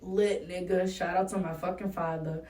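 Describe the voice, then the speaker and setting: A young adult woman from New England, speaking with a New England accent, appears as a rapper guest in a casual interview, blunt and profane. Her voice is low and dark, with fairly even intonation and normal speed, picked up by a roomy, distant mic.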